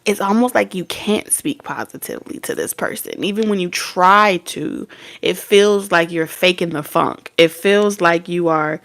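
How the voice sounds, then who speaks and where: A woman's voice: fairly low pitch, a little slow, gravelly, a bit bright. A young woman giving a casual tarot reading, blunt and swearing freely as she acts out imagined back-and-forth dialogue. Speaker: tarot reader.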